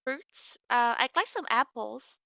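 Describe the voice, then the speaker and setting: A woman teaching English, acting out an ordering role-play with a student in a slow, drawn-out, encouraging way. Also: fairly high pitch, expressive, creaky, sharp tone, no echo.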